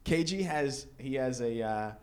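A man telling a story in casual chat, animated and laughing often as he acts out what people said. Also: mid-range voice, measured pace.

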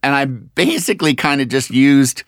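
A man's voice: medium pitch, lively intonation, normal speed, a bit bright, no room sound, clean studio sound. A man, a voice actor, telling a rambling story in a casual interview, correcting himself and acting out quotes. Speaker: voice actor guest.

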